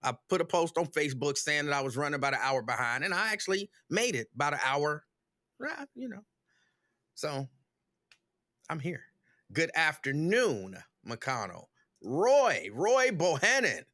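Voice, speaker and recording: A man hosting a livestream talk show, greeting viewers one by one in a relaxed, chatty way. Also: on the high side, measured pace, no echo, studio quality.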